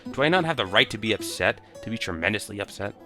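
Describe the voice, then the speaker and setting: A drunk dwarf foreman, as a man puts him on, ranting with slurred, puffed-up indignation. His low voice sits over clear guitar music from a game. He sounds wronged and self-important. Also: lively intonation, quick pace, close to an everyday voice. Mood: indignant drunken. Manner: slurred, blustering rant. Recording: game music playing behind.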